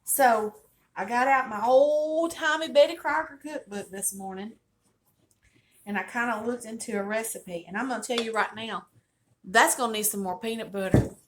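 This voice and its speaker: A woman's voice: medium pitch, background noise. Chatty Southern woman in her kitchen. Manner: folksy, chatty, storytelling. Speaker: cooking channel host. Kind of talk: casual cooking demonstration. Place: home kitchen.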